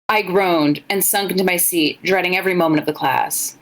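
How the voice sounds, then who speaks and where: A woman's voice: on the low side, lively intonation, fairly quick, few pauses, low-quality recording. A young woman co-hosting a podcast, blunt and joking as she reads fan fiction aloud in casual chat. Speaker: podcast co-host.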